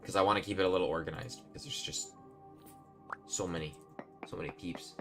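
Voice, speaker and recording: A man's voice: low-pitched, fairly even intonation, brisk, gravelly, music in the background. A man live-streaming a game, chatting casually and rambling to his viewers while he plays. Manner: chatty, rambling, talks to chat while playing.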